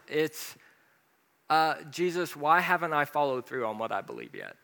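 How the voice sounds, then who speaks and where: A man preaching in a relaxed, chatty way, filling gaps with ums and uhs as he tells his own story. His voice is bright and ringing. It carries through a hall with a long echo. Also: medium pitch, a little slow, clean tone. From American South. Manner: casual, conversational preaching with many fillers. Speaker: pastor. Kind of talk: sermon with personal story.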